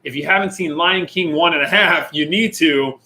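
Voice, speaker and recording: Jokey young man, bright voice. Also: on the high side, normal speed, poor audio. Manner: jokey, playful, chatty with viewers. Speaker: youth pastor. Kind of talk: casual livestream chat.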